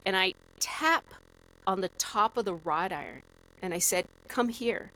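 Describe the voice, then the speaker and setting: A woman guest on a podcast, telling a story in a lively, animated way with lots of "like" fillers. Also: mid-range voice, normal speed, low-quality recording. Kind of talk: casual storytelling.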